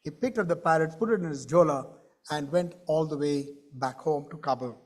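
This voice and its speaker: A man telling a story to a conference audience in an animated way, with questions to the crowd. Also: fairly high pitch, normal speed. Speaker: keynote speaker. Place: conference stage.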